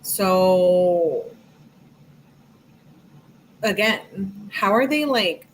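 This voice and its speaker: A woman's voice: mid-range voice, lively intonation, drawn-out words, a little hiss or hum, poor audio. Casual woman reading texts aloud. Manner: casual, sarcastic asides, reads with rising emphasis. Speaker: true crime commentator. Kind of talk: reading text messages aloud with commentary.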